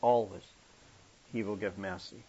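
A man's voice: normal speed, creaky, breathy edge. An older man from England preaching a storytelling sermon, acting out characters' voices inside his stories. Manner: acts out children's voices in a high pitch within stories. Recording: muffled, hissy old tape.

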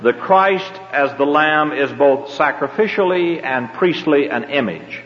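A man's voice: on the high side, expressive, a little slow. An older man with a Southern accent teaching a Bible class, rambling and folksy, with frequent hesitations. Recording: dull lo-fi tape in a reverberant hall.

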